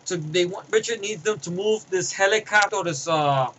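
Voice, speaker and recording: A man's voice: high-pitched, normal speed, fairly bright tone, rough recording. A man giving a casual spoken movie review, rambling through scene recaps with fillers and restarts.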